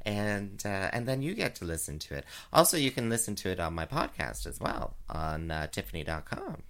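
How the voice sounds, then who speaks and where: A man doing drag, hosting a chat show, talking casually with many fillers and giggles, and jumping into high sing-song voices. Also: very animated, normal speed, few pauses, fairly bright tone, smooth. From Canada. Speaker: drag queen radio show host. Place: home, recorded live.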